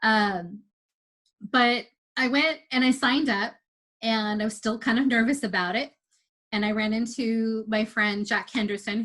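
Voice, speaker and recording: A woman telling a lively, casual story about competing for the first time as an amateur athlete. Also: medium pitch. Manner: chatty, animated retelling with quoted dialogue.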